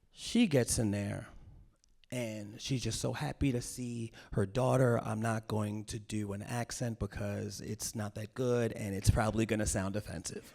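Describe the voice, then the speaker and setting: A male comedian telling a story live on stage in an animated, self-mocking way, acting out the scenes. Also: fairly low pitch, creaky. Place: stage at a cultural center.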